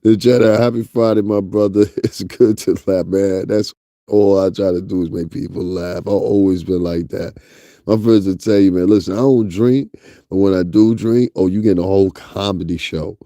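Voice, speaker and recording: Host: young man with a Northeastern US accent, mellow and dry-sounding, crude, laughing gossip talker. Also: low-pitched, fairly even intonation, moderate pace, no room sound. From US tri-state area. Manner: laughs often, crude and joking. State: sleepy, up early. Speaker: commentary channel host. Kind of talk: casual gossip commentary.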